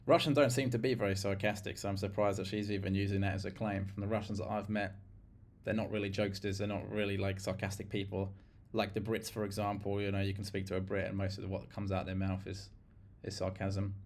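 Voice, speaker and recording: Low-voiced man hosting, frank. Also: flat delivery, quick pace, few pauses, a little mellow. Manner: frank, opinionated, addresses viewers directly. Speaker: host. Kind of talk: casual commentary.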